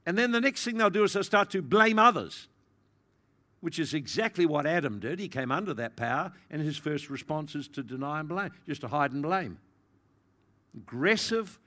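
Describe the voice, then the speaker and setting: Man, pastor, sermon, slightly high voice, animated delivery. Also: normal speed. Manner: animated, acts out quoted voices, big swings in pitch and loudness.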